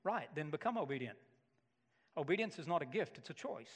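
A middle-aged pastor preaches with rising, emphatic force, his voice pitched high for a man. He swings between hushed asides and loud declarations. The sound carries a long reverb from a large hall. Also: brisk, slightly rough. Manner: animated preaching with sudden loud emphatic bursts. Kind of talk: sermon.

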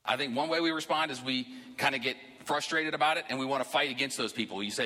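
Man, pastor, sermon, quick, bright and forceful, conversational with emphatic bursts, echoing church hall. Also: medium pitch. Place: church sanctuary.

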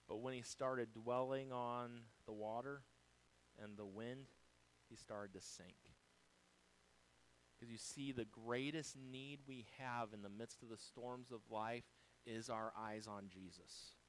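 A male pastor preaching a sermon, swinging from quiet, low passages to loud, high-pitched exhortations. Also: steady tone, slow pace, a little hiss or hum, rough recording.

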